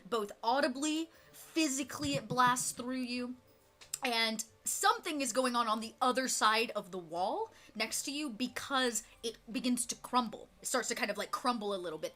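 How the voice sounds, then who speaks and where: A woman runs a tabletop role-playing game as its game master, her voice very bright and a touch high. She narrates loosely, full of fillers, over an online voice call. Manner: loose and chatty, with fillers and laughs.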